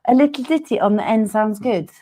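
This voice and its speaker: A woman's voice: fairly high pitch, a little fast, dark tone. A woman co-hosting a live web show, laughing and teasing her co-host in playful chat. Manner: giggly, teasing, jokey.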